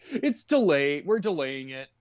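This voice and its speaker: A man's voice: fairly high pitch, very animated, slow pace, dry recording, studio quality. A man co-hosting a podcast, casually recapping a movie in a laid-back, joking way and laughing often. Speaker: podcast co-host.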